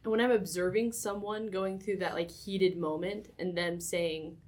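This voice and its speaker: A woman's voice: fairly low pitch, steady tone, a little slow, hardly any pauses. Woman co-host, casual chat. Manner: casual, uses "like" often, laughs along. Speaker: podcast co-host. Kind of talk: casual conversation.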